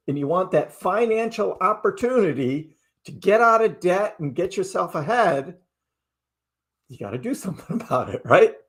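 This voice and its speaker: A man hosting a casual livestream, chatting loosely and often tagging his points with "right?". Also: sits high. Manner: chatty, keeps asking "right?". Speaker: crypto livestream host.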